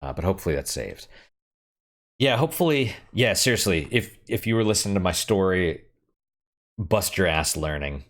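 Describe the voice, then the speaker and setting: A man's voice: low-pitched, sing-song, moderate pace, fairly bright tone. A young man chatting casually and frankly while playing a game, rambling and swearing now and then. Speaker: gaming streamer.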